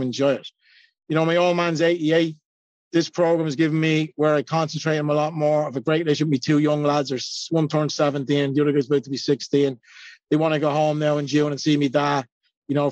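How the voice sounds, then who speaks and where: A man's voice: a little high, little pitch movement, fast, a little mellow, dry recording, muffled recording. An Irish man in his forties giving a blunt, self-mocking personal share at a recovery meeting, swearing freely. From Ireland. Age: 40s.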